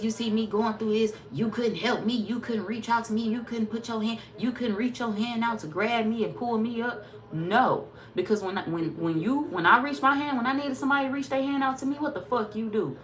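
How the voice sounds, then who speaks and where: Blunt, profane woman tarot reader. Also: medium pitch. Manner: blunt, profane, sassy and emphatic. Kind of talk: casual tarot reading monologue.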